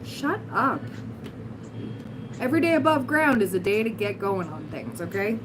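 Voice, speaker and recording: A woman hosts a casual tarot livestream in a raspy, hoarse voice that has not fully recovered. She gives blunt, encouraging advice with giggly asides in a middle pitch. A clear hiss of noise sits under the recording. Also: big pitch swings, moderate pace. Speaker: tarot reader, livestream host.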